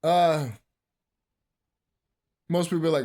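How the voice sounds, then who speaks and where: A man's voice: a little high, big pitch swings, unhurried. A man in his thirties ranting casually as a movie commentary vlogger, profane and rambling, breaking into bursts of laughter. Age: 30s. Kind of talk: casual rant.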